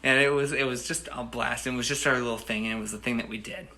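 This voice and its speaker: Casual storyteller, man, 30s, American, bright gravelly voice, rambles warmly through anecdotes. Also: mid-range voice, steady tone, quick pace. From United States. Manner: rambling, with frequent restarts and "you know". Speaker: storyteller and host.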